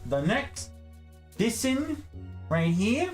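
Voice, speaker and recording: A man's voice: very high-pitched, very slow, soft background music. A man hosting a casual livestream, chatting animatedly about houseplants and reading out viewer comments. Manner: animated, chatty, reads chat aloud. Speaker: livestream host. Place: indoor room full of plants.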